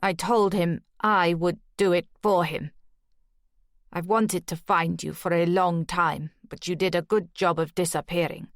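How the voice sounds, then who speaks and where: Woman putting on a cold gaunt silver-haired soldier guy, menacing, low and unhurried. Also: fairly even intonation, no echo, studio quality. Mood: cold menace.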